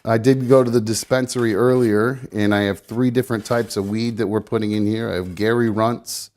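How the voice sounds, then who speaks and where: Man, low-pitched, casual live-stream rambler, profane, self-narrating, slightly breathless. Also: steady tone, fairly quick, darkish tone. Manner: rambling, swearing, self-narrating while rolling. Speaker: live show guest rolling a blunt.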